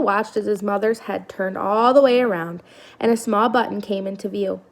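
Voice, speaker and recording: A woman reading a children's novel aloud in steady storytelling narration. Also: medium pitch, moderate pace. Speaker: reader.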